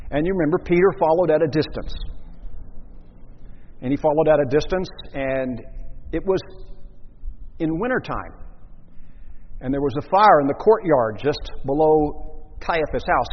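A man's voice: medium pitch, in a large hall, highs cut off. A man preaching a sermon, telling a story and acting out the voices of the people in it. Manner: storytelling, acts out quoted voices.

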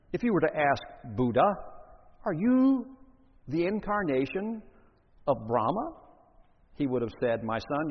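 A man preaching a sermon, reading scripture and then expounding it with deliberate emphasis. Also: medium pitch. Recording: dull lo-fi recording in a reverberant hall.

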